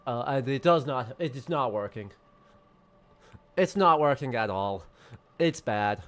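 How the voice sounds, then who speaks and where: A man's voice: medium pitch, expressive, unhurried, a bit bright. A man casually chatting and reading dialogue while streaming a story game. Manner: chatty, self-deprecating, rambling. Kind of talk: casual let's-play chat.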